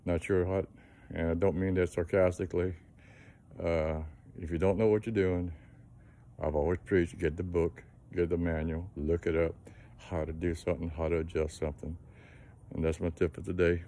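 Plainspoken man, deep and even, dark tone, folksy shop-talk delivery. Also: moderate pace. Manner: plainspoken, folksy, trailing fillers. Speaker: engine mechanic giving a tip. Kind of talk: casual how-to talk to camera.

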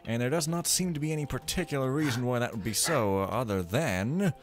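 A man's voice: medium pitch, expressive, a little fast, faint music behind. A man giving chatty, jokey commentary while playing a game, full of wandering asides. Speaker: gaming video host. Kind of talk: let's play commentary.

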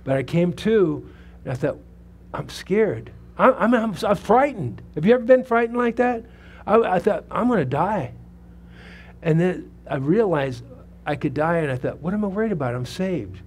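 Older guy preaching in church, slightly high voice, tells his story casual-like and keeps asking the crowd questions, faint hum behind. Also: lively intonation, moderate pace, darkish tone. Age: 70s. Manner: conversational preaching, asks the congregation questions. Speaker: pastor. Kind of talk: sermon with personal testimony. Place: church sanctuary.

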